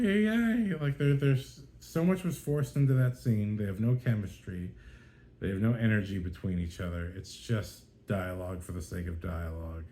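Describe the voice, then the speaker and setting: A man's voice: deep voice, dark tone. A man hosting a podcast and reviewing a film in a casual way. He sounds exasperated and rants with lots of fillers and restarts. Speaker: podcast host. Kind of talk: casual spoken movie review.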